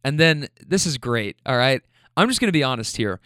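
A man casually telling a funny anecdote, animated and often laughing as he mimics the people in it. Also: mid-range voice, brisk, no echo, clean studio sound. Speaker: storyteller recounting a rideshare trip.

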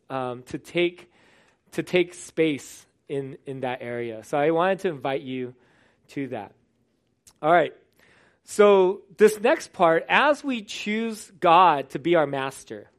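Earnest male preacher, slightly high voice. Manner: earnest, conversational preaching with restarts. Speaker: pastor. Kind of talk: sermon.

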